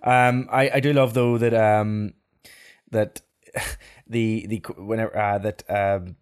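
Man, lowish voice, hesitant, casual sports podcast chat. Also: fairly even intonation, takes it slowly, clean tone. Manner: hesitant, many fillers and restarts. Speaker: podcast co-host.

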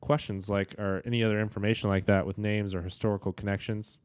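Guy in his 30s cohosting a podcast, lowish smooth voice, dry close sound, chill and nerdy. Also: quick pace, no echo. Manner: laughs often, relaxed and nerdy. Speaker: podcast co-host. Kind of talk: casual chat.

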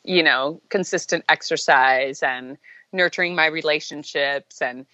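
A woman's voice: low-pitched, a little slow, no echo. A middle-aged woman guest on a podcast, chatting casually and telling stories in an upbeat, agreeable way. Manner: animated storyteller, upbeat, agreeable. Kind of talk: casual conversational interview. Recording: dull lo-fi remote line.

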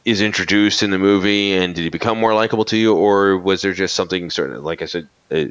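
A man hosting a casual movie podcast, rambling and halting, with many fillers and restarts. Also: deep voice, smooth, dry recording, highs cut off. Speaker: podcast host.

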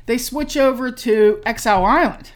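A woman's voice: a little high, normal speed. Chatty woman telling a story. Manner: animated storytelling, acts out reactions. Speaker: podcast co-host. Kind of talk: casual chat.

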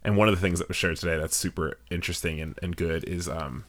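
A man co-hosting a podcast in relaxed, joking chat, often trailing off mid-sentence. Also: low voice, fast. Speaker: podcast co-host. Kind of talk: casual chat.

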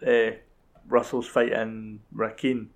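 A man's voice: on the low side, level tone, slow pace. A young Scottish man chatting casually and swearing freely while rambling through a film recap. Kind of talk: casual chat.

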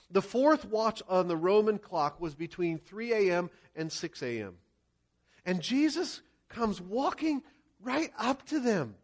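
A male pastor preaching a sermon, acting out scenes and shouting quoted lines. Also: high-pitched.

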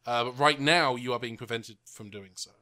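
A man narrating as game master of a tabletop game, describing scenes in a relaxed way with many fillers. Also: mid-range voice, normal speed.

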